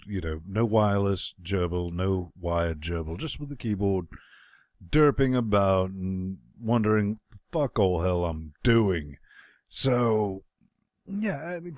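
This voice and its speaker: A man's voice: mid-range voice, darkish tone, no echo, studio quality. A man co-hosting a game review podcast, sardonic and profane, with mock-grumpy asides. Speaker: podcast co-host reviewing games. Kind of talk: casual chat.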